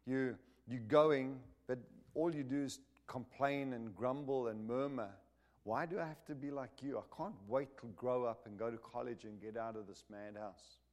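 A man's voice: medium pitch, moderate pace, close to an everyday voice. A man voicing a resentful teenage child who is fed up with a hypocritical parent, speaking in a bitter, accusing tone.

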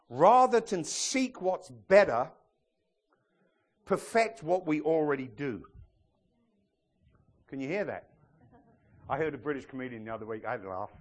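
A man preaching a sermon as pastor of a church, in a humorous, emphatic style. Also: sits high. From outside the US.

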